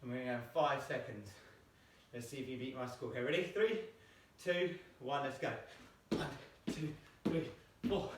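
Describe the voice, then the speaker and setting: Counting out jumps while doing them, a man leads an exercise lesson from a small room at home and grows breathless. He has a medium-pitched voice and a moderate pace, and the recording sounds echoey with a distant mic.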